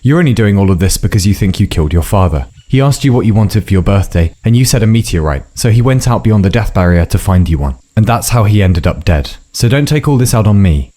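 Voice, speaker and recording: A man voicing a gruff, secretive, hard-drinking old woman who talks in a dry, curt, mumbling way. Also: on the low side, animated, fast, few pauses, dark tone. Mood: snappish.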